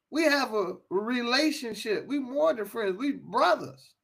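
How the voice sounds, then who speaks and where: A man's voice: very high voice, expressive, takes it slowly, vocal fry, fairly bright tone. An American man giving an impassioned talk, emphatic, often repeating and restarting his phrases. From United States.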